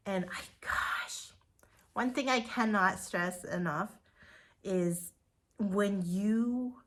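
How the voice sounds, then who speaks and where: An earnest woman in her forties gives a motivational talk to her direct sales team. She sounds emotional and gushing, and she drops to breathy whispers for emphasis. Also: mid-range voice.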